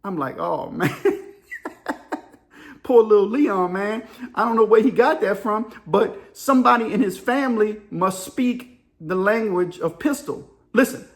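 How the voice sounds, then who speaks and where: Man, middle-aged, high-pitched, casual storyteller, animated, mimics voices and sounds. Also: normal speed. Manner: animated, acts out voices and sound effects, laughs often. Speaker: storyteller and channel host.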